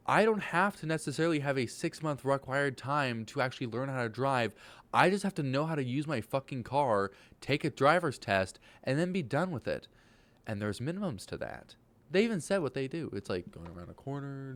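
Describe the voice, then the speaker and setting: Animated young man ranting. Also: mid-range voice, moderate pace. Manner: animated, swearing, swings into loud exclaiming. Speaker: vlogger. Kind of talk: casual motivational rant.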